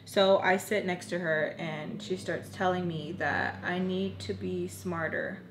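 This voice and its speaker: A woman's voice: fairly low pitch, fairly even intonation, unhurried, reverberant, slight background noise. A young woman telling an emotional personal story in a casual, earnest way, filling her talk with lots of "like"s. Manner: chatty, filler-heavy with many "like"s.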